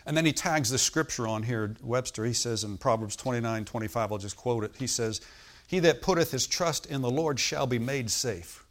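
A man's voice: medium pitch, normal speed. A man preaching a sermon in an emphatic, repetitive style, often calling out to his listeners for agreement. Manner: emphatic, repetitive, frequent "Amen?" calls to listeners. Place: hotel meeting room.

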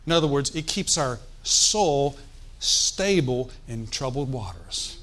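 Folksy preacher man, mid-pitched. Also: animated, takes it slowly, fairly bright tone. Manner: conversational, folksy, with joking asides; asks the congregation for responses. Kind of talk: sermon.

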